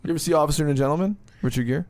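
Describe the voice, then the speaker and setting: A man co-hosting a podcast in casual chat, animated and swearing freely, sometimes shouting out movie lines. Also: on the high side, racing, no echo. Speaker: podcast co-host.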